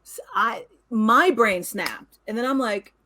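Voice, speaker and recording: A woman co-host talks through her thoughts in an earnest, reflective way, her voice pitched a touch high. She laughs lightly between points in this casual podcast chat. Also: big pitch swings, slow, pushed and bright.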